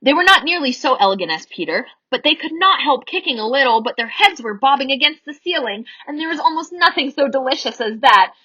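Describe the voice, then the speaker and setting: A woman reading a children's story aloud in an animated, theatrical way. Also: high voice, brisk, hardly any pauses, dull audio.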